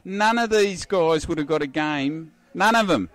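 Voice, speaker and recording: A man's voice: fairly high pitch, expressive, a little slow, no echo. An Australian man in his fifties, a guest giving blunt, rambling rants in pub chat and calling everyone mate. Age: 50s. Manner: forceful ranting, rambling, repeats words, calls everyone mate.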